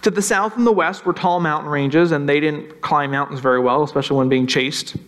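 High-voiced male pastor preaching. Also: fairly even intonation, a bit bright. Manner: conversational, acts out worried voices, slows for emphasis. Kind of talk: sermon.

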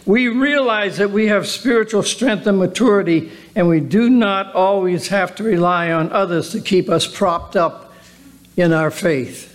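A man pastor giving an earnest sermon with rhetorical questions. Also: high-pitched. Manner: earnest, slow, drawn-out preaching with rhetorical questions.

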